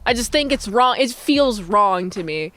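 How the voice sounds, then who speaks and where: A woman's voice: mid-range voice, animated, unhurried, pushed and bright. A young woman giving a casual movie recap in a rambling, jokey way with loose slang. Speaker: movie reviewer.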